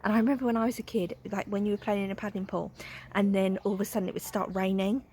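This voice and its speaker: She is a young woman filming a casual vlog on her phone at home and out in the garden. Her voice sits at an ordinary mid pitch, and she talks in a chatty, candid way. She often drops into a soft, hushed tone. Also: level tone, fast talker, slight background noise. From England. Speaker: vlogger. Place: at home, then outdoors in a garden.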